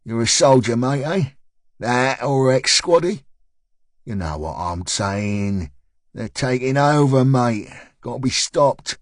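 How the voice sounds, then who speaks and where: A cocky, heavy-set recruiter in his thirties, all South London swagger, pushing his point loud and needling. A man plays him in a thriller audiobook, lifting his voice a little above his narrating tone. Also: mid-range voice, expressive, slow pace, dry recording, clean studio sound. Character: brash heavy-set thirties male far-right recruiter.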